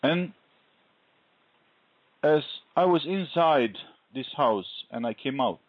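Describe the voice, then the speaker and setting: Earnest guy telling his faith story real slow, dry close sound, kinda dull lo-fi audio. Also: mid-range voice, animated, dry recording. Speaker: guest sharing a faith testimony. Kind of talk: conversational interview, personal testimony. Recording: dull lo-fi recording.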